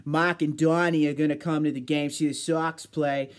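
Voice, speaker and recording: A brash, boisterous ballpark fan with a thick Boston accent, done by a man on a livestream. He talks loud and high, full of swagger and trash talk. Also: flat delivery, moderate pace, close to an everyday voice. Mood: rowdy.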